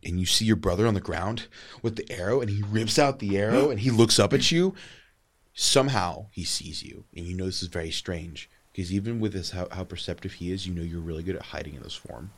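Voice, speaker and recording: Low-voiced man narrating a tabletop game. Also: a little fast. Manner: animated storytelling, swinging between hushed and loud. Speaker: game master.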